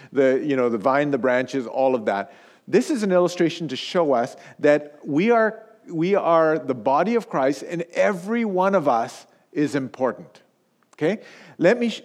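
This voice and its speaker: A pastor in his fifties, originally from Pakistan, preaching a sermon in a relaxed storytelling way and often checking in with his listeners. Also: fairly high pitch. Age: 50s.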